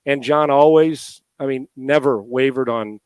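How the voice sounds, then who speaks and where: A man's voice: medium pitch, a little slow, a little mellow, smooth, dry recording. A middle-aged man, a guest in an interview, talking in a heartfelt, emotional way with many restarts. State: emotional, near tears. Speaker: guest, former NFL quarterback and radio host.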